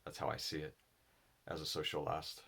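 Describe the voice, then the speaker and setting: A man speaking alone in a slow, reflective monologue, halting and thoughtful, with a low voice. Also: monotone, creaky, fairly bright tone, husky. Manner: halting, thoughtful, with pauses and restarts. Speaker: solo speaker on personality psychology.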